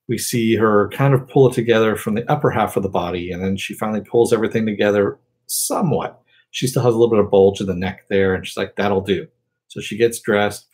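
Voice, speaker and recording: A man's voice: lowish voice, a little mellow, husky. A man casually recapping a TV episode as a review host, rambling along with lots of fillers. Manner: rambling, filler-heavy retelling.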